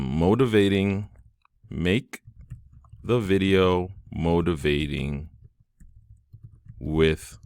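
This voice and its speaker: A man with a very deep voice talks through a software tutorial as he clicks along. He is casual and enthusiastic, thinking aloud with plenty of fillers. The sound is dry and close, with no room echo. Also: clear, resonant tone. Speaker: tutorial host. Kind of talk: screen-recorded software tutorial.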